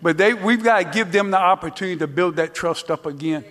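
A man speaking as a guest on a church panel, easygoing and unhurried. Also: sits high, fairly bright tone. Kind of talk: casual church panel talk.

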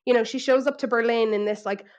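An Irish woman co-hosting a podcast in casual chat, telling animated stories and putting on exaggerated impressions. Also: on the high side, fast, clear, resonant tone, highs cut off. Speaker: podcast co-host.

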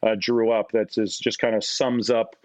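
A man's voice: fairly low pitch, little pitch movement, moderate pace, no echo. A man from Canada in his forties, a podcast guest telling casual anecdotes, mocking himself and acting out the voices he quotes. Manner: self-deprecating, acts out quoted voices. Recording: slightly muffled dry recording.

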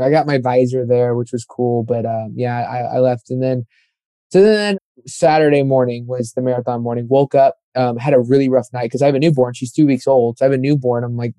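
A man's voice: medium pitch, steady tone, fast, warm tone, dry recording. A young man telling a running story in a casual, rambling chat, full of fillers and acted-out quotes. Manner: rambling, filler-heavy, acts out quoted voices.

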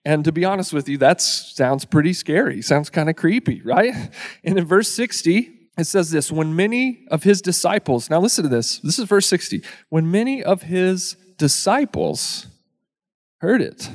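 A man preaching a sermon in a casual, joking way, acting out the crowd's lines in quick asides. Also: on the high side, lively intonation. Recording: long hall reverb.

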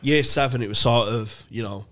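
A young man, chatting casually as a comedy podcast co-host. He tells long, sweary stories full of restarts and asides, in a voice of ordinary pitch for a man. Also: normal speed, a loud crowd. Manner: rambling, sweary storytelling with restarts. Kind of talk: casual storytelling chat.

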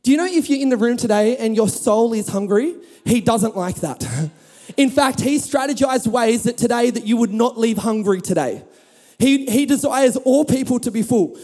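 A man pastor preaching a sermon to a congregation, telling a Bible story with humor and lively emphasis. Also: very high voice, normal speed, in a large hall. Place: church hall with audience.

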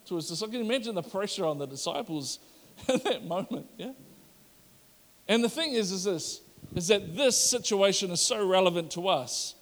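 A man preaching a sermon, animated and acting out the voices of the crowd. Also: high-pitched. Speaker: pastor. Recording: long hall reverb.

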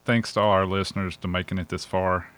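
A man's voice: low-pitched, level tone, fast, a bit bright, no room sound. A man co-hosting a podcast, making dry, wry remarks in casual banter. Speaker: podcast co-host.

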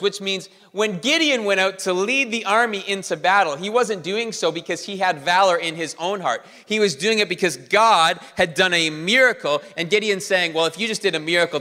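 Male pastor, sermon, animated, fairly high voice, echoing sanctuary. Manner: animated preaching, leans on the congregation.

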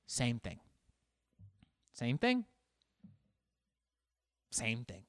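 A man's voice: mid-range voice, wildly swooping pitch, drawn-out words, fairly bright tone, no echo. A man delivering a rambling, profane comedic monologue as a podcast host.

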